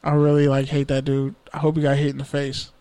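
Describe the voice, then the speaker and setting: A man hosting a sports podcast in a fairly high voice, talking casually. He rants and cracks jokes, swearing freely as he goes. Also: completely flat delivery, fast talker, mellow. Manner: profane, joking rants. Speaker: podcast co-host.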